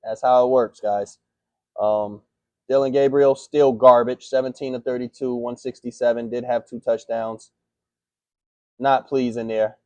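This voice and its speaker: A man's voice: mid-range voice, fairly even intonation, measured pace, mellow, no echo. A man hosting a sports picks recap, talking in a heated, profane, slangy rant. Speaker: sports picks show host.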